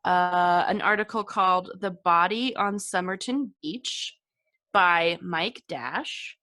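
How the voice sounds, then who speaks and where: A woman's voice: fairly low pitch, takes it slowly, pushed and bright. A young woman co-hosting a podcast, chatting casually and laughing often as she sets up a story. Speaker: podcast co-host. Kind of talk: casual chat.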